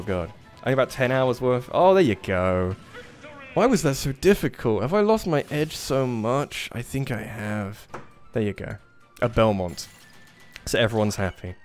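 A young man streaming a fighting game, chatting casually about moving house and swearing at his opponents. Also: medium pitch. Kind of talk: casual gaming commentary. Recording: faint game music behind.

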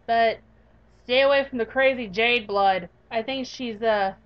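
A woman's voice: a little high, a little slow, smooth, muffled recording. A young woman playing a visual novel, reading its narration aloud and chatting playfully. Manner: playful, giggly, expressive. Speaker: gaming YouTuber.

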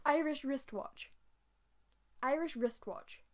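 A woman's voice: high voice, heavy background noise. Chatty Scottish woman vlogger. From Scotland. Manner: chatty, repeats tongue-twisters slowly. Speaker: YouTuber. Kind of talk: casual vlog chat.

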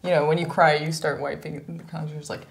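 A woman's voice: low-pitched, level tone, fast talker, creaky. A woman, a cast member, chatting casually about shooting a show and laughing at herself. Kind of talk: casual chat.

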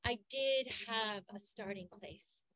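A woman's voice: a little high, slow pace, no echo. A middle-aged woman hosting a podcast, earnestly and emotionally recounting a personal experience. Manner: emotional, earnest, animated storytelling. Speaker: podcast host.

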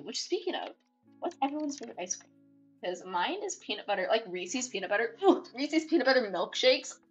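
Young woman, live streamer, bubbly, expressive, giggly, rambling chat, faint background music. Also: on the high side, fairly quick. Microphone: desktop mic, no webcam.

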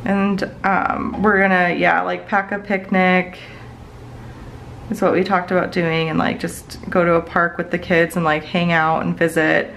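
A woman's voice: on the low side, flat delivery, a little slow, gravelly, a bit bright, a little hiss or hum, low-quality recording. A woman in her thirties chatting casually in her home office while planning, rambling with many fillers. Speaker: planner vlogger. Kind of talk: casual chatty plan-with-me talk.

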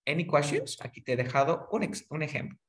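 Man, tutor, slightly high-pitched, patient, repeats words, one-on-one lesson. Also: expressive. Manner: patient, repeats each word slowly. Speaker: English tutor.

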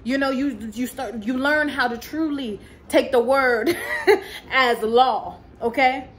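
A woman's voice: high voice, slow, a little hiss or hum, low-quality recording. Fervent woman preaching encouragement. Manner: fervent and preachy, with casual asides and laughs. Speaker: Christian motivational coach. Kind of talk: motivational faith talk.

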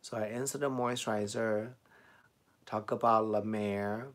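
A middle-aged man with a Chinese accent speaks in a lowish voice with fairly even intonation and a measured pace. He's a beauty vlogger on a live stream, chatting casually as he reads viewer comments aloud, answers them, and laughs often.

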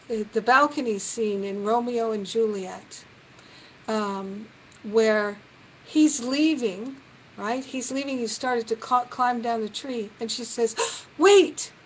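A woman leading a reflective spiritual talk on a live group call, gentle and earnest, now and then acting out the voices she quotes. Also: a little high, slight background noise, low-quality recording.

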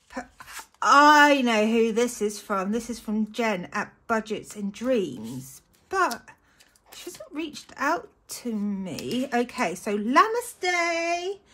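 Chatty British woman, slightly high voice. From United Kingdom. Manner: chatty and gushing, with frequent excited exclamations. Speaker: budgeting vlogger. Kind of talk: casual chat to camera.

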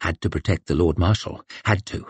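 Husky male audiobook narrator. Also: sits low, a little fast, dry recording. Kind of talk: scripted narration.

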